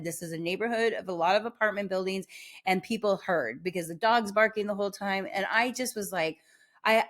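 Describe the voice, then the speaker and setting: A woman hosting a podcast, telling a personal story in a rambling, animated way, full of restarts and filler words. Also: medium pitch. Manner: animated, acts out the voices in her story. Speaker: podcast host.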